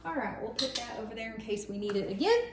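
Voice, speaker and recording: A woman's voice: a little high, expressive, fast talker, background noise. A woman, chatting casually with many fillers while baking in her home kitchen and talking to her young son. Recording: echoey kitchen with clatter.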